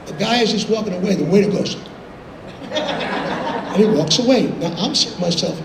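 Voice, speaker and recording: An older man telling animated anecdotes in an interview, acting out quotes and laughing as he goes. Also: high-pitched, normal speed, long pauses. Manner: animated, laughing storyteller who acts out quotes. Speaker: interview guest. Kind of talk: anecdotal storytelling. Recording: roomy with background noise.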